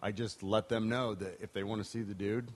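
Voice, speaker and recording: Low-voiced blunt man chatting. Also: fairly even intonation, brisk. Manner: blunt, swears. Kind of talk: casual chat.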